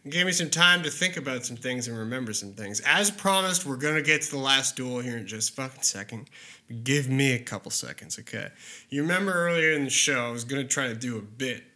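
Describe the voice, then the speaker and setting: Bright-voiced rambling podcast host man. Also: mid-range voice, expressive, fairly quick. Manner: profane, rambling, laughs often. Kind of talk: casual podcast banter.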